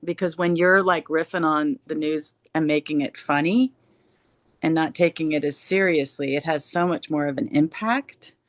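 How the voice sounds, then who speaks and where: A woman with a low-pitched voice rambles hopefully in a casual group talk. She muses aloud, and the sound is close and dry. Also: normal speed, no echo. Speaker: discussion group member.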